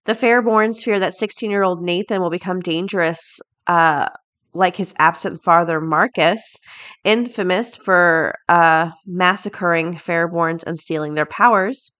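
A woman's voice: lowish voice, measured pace, a bit bright. A middle-aged woman hosting a daily podcast, chatting off the cuff with frequent laughs and reading out headlines. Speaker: podcast host. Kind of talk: casual chat and reading headlines.

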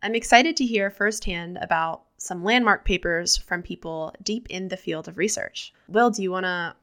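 A woman's voice: fairly low pitch, moderate pace, fairly bright tone. A woman co-hosting a podcast, reacting briefly and handing turns to her guests. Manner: short reactions, moderating turns. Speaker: podcast co-host and moderator. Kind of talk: casual podcast chat.

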